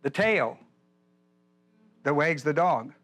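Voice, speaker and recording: A man's voice: a little high, expressive, slow pace, fairly bright tone. An older man teaching a Bible study as pastor, folksy and digressive, often repeating himself. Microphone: whiteboard lecture in a church.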